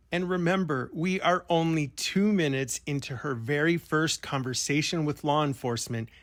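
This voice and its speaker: A man's voice: fairly high pitch, a bit bright. A man narrating a true-crime commentary over interview clips, in a pointed, incredulous, rhetorical manner.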